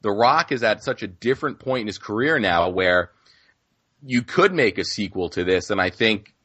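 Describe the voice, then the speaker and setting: A man co-hosting a podcast in casual film discussion, talking in halting starts and restarts. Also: lowish voice, animated, pushed and bright, no room sound. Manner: halting, many restarts and fillers. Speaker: podcast co-host.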